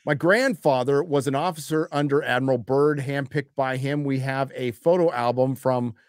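A man's voice: mid-range voice, normal speed, no room sound, clean studio sound. A man hosting a live stream, chatting casually and reading donations in a crude, joking, rambling way. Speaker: show host reading donations.

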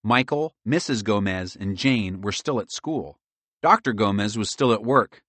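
A man narrating a children's audiobook with lively, expressive storytelling. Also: on the low side, a little slow, no room sound.

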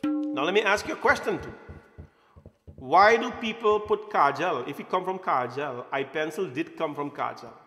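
A man's voice: a little high, expressive, moderate pace, bright, forceful tone, soft background music. A man giving an informal, playful talk at a temple satsang, often quizzing his audience. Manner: playful, asks the audience questions. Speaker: temple speaker. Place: temple hall. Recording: roomy hall echo.

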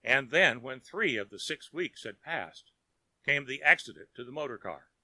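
A man narrating an audiobook of a short story with expressive storytelling. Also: medium pitch, moderate pace, no room sound.

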